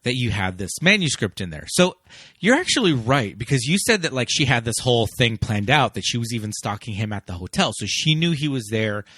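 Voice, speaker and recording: A man co-hosting a casual movie podcast, animated, acting out characters' lines and laughing. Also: mid-range voice, brisk, breathy edge, no room sound, studio quality. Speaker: podcast co-host. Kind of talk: casual movie-review chat.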